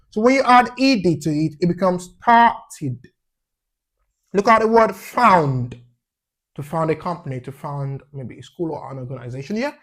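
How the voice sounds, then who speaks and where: His voice sits high with a fairly bright tone. In this English pronunciation lesson, the man repeats sounds as drills and follows every point with an inquiring "yeah?"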